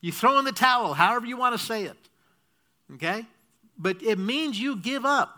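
A man's voice: extremely high pitch, lively intonation, normal speed, pushed and bright. A man preaching a sermon, explaining a point step by step and checking in with the congregation with frequent "okay?"s. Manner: teaching, asks the congregation to repeat and checks "okay?". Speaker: pastor.

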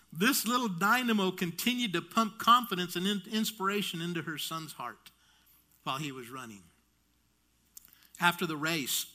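A man delivering a sermon through a long story, his voice high and bright. He tells it in an animated way, doubling back on his words and slipping in light humor. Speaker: preacher.

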